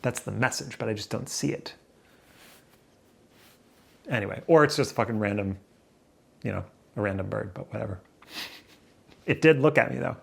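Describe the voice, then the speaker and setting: A man's voice: fairly low pitch, normal speed, gravelly, pauses often, husky. A man sitting at home talking to his camera in a rambling, self-mocking solo vlog, swearing casually. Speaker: vlogger. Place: room indoors near a window. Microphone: camera in front of him, seated.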